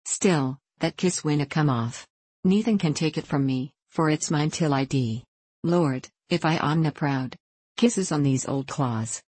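A woman voices a motherly older Scottish farm wife, slow and heartfelt in broad dialect. Her voice sits low and close, with no room around it. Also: a little mellow, breathy edge, dry recording. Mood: wondering.

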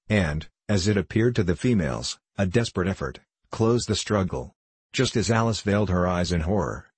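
A man narrating a classic adventure novel in a steady, measured reading. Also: sits low, slightly rough, dry recording. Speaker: audiobook narrator.

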